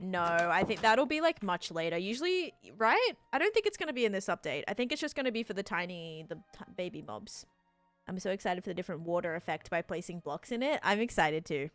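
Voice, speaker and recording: A woman's voice: lowish voice, fairly quick. Chatty woman livestreamer, faint music behind. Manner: chatty, heavy use of "like", bursts of excited thanks. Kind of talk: casual chat while playing, answering viewers.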